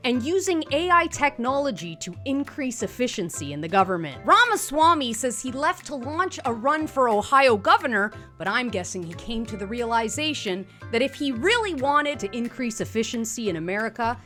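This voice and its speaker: A woman hosts a satirical show with sarcastic, punchy scripted commentary. Her voice is slightly high and swings widely in pitch. Light music plays underneath. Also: sing-song, normal speed, hardly any pauses, pushed and bright. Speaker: comedy show host.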